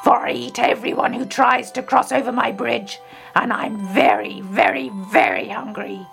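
A woman voicing a hungry, menacing troll who lives under a bridge, drawing out every word slowly. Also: a little high, fairly even intonation, vocal fry, a bit bright, faint music behind.

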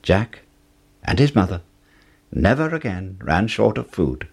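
Slow, expressive male storyteller. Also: creaky, husky. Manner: expressive, with wide swings in pitch. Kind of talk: reading a fairy tale aloud.

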